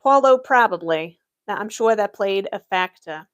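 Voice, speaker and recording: Young adult woman, livestream Q&A, in-character office clerk, deadpan, matter-of-fact, medium pitch. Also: normal speed. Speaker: livestreamer playing an Imperial office worker.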